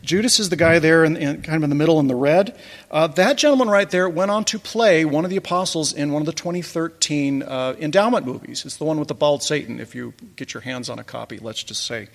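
Gravelly man telling wry stories. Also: a little high, brisk, big-room sound. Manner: wry, chuckling asides. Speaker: presenter recounting a church pageant. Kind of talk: casual talk over slides.

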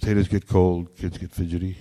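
Storytelling speaker from Wyoming, folksy and humorous, low warm voice. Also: male voice, flat delivery, quick pace. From Wyoming, United States. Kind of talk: storytelling talk to an audience.

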